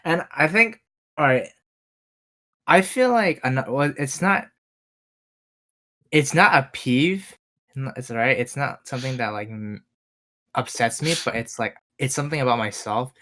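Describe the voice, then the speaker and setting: A man's voice: mid-range voice, measured pace, long pauses, pushed and bright. A young man co-hosting a podcast, chatting casually and hesitantly, often saying dude. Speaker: podcast co-host. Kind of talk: casual chat.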